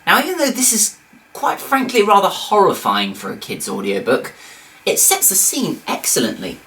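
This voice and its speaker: A woman's voice: medium pitch, huge pitch swings, normal speed, a bit bright, slight background noise. A woman giving comedic review commentary with sarcastic, incredulous asides.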